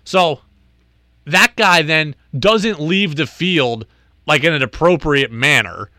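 Animated male sports talk host. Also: a little high, slow pace, no echo. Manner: animated, exasperated storyteller.

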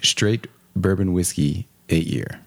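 A man's voice: deep voice, slow, vocal fry. A man hosting a casual podcast, laid-back as he steers the conversation. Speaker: podcast host.

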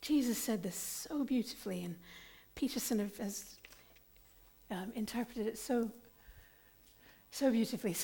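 A woman pastor preaching a sermon in an earnest, deliberate and emphatic way. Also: fairly high pitch, vocal fry, mellow, husky.

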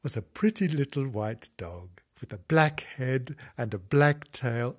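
A man drawling through a children's story as a mock bedtime reading. He is camp and theatrical, with a voice that leaps up and down in wide swings. The tone is husky and breathy. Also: mid-range voice, animated, measured pace, hardly any pauses. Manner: camp, theatrical, wandering asides. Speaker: comic reader.

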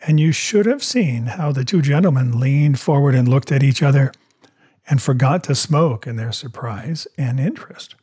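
Husky-voiced male storybook narrator. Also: mid-range voice, lively intonation, normal speed, dark tone. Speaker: audiobook narrator. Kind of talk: scripted narration.

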